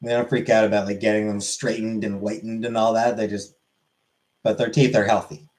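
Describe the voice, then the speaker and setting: A man's voice: fairly low pitch, level tone, brisk, a little mellow, rough recording. A man on a live stream, casually answering questions from chat and swearing freely.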